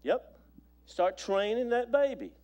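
Pastor, male, high voice, storytelling sermon delivery with repetition. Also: big pitch swings, takes it slowly, a little mellow. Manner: storytelling preacher, repeats phrases, stammers on restarts.

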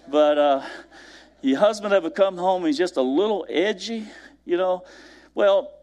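A man preaching a sermon, talking straight to his congregation and dropping from raised emphasis to soft, hushed lines. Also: high voice, normal speed. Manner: wide swings from raised emphasis down to soft near-whispers; conversational, addresses the congregation directly. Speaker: pastor.

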